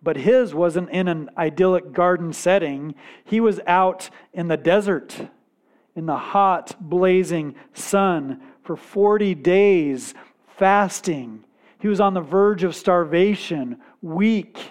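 A man preaching a sermon at a slow, deliberate pace. His voice sits a little high. He speaks earnestly and drops to a quiet weight on the key points. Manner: measured, earnest preaching with dramatic pauses and quiet emphasis. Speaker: pastor.

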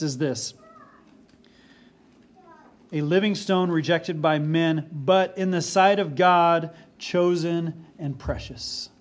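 A man delivers a sermon in an earnest, deliberate manner, taking his time. His voice sits a little high for a man. He leans on key phrases and repeats them for weight. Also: darkish tone. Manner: slow and deliberate. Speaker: pastor.

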